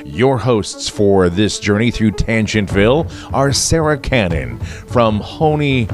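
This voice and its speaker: A man's voice: fairly low pitch, lively intonation, takes it slowly, over music. A man reading a scripted podcast announcer voice-over in a playful, jokey way.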